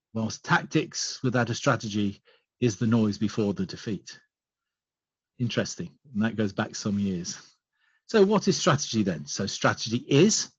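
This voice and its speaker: Man, husky voice, measured webinar talk, dull lo-fi call audio. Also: medium pitch, dry recording. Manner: measured, explanatory, lists points one by one. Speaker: webinar presenter. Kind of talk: business webinar presentation.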